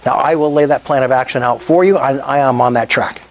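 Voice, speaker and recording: A man's voice: medium pitch, steady tone, a little fast, creaky, a little hiss or hum. An older man giving an enthusiastic sales presentation at a meetup, often asking the audience questions. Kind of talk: sales presentation to a live group.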